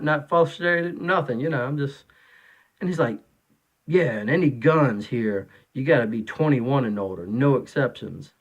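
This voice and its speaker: A man in his thirties, a father of three, talking casually and rambling through an opinion monologue, full of fillers and restarts. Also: mid-range voice.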